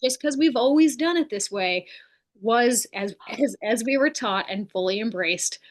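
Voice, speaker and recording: A woman with a slightly high voice talks in a candid, chatty way as a nurse hosting an interview. She is self-deprecating and fills her sentences with "like.". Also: animated, unhurried. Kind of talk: casual conversational interview.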